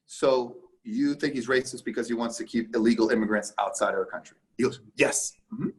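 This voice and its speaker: A man's voice: medium pitch, husky. A man from Canada, a guest on a business podcast, talking emphatically and acting out both sides of conversations. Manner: emphatic, acts out conversations in quick back-and-forth. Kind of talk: casual podcast interview.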